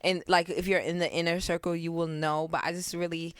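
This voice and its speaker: Young woman, podcast co-host, low-ish pitch, smooth clear tone, slangy casual chat, dry close sound. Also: level tone, a little fast, no echo. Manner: casual slangy talk, open and heartfelt. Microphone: podcast mic on camera.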